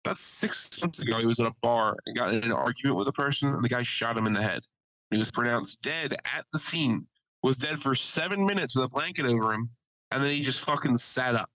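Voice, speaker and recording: A man's voice: medium pitch, brisk, bright, forceful tone, dry recording, poor audio. A man on a casual podcast, animatedly telling an anecdote, swearing freely and quoting people he met. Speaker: podcast co-host. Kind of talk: casual storytelling chat.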